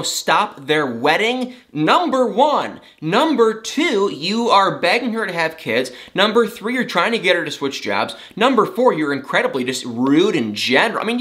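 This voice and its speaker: A man with a bright, lively voice that swings all over the place. He rants sarcastically, in a casual, exclaiming gossip-vlog style. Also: high voice. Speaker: celebrity gossip vlogger. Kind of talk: casual reality TV commentary.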